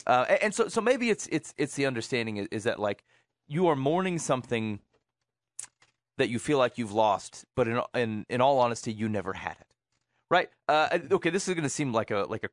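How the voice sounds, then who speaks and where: A man's voice: mid-range voice, very animated, brisk, no echo, clean studio sound. A man hosting a casual advice chat, rambling and playful with many restarts.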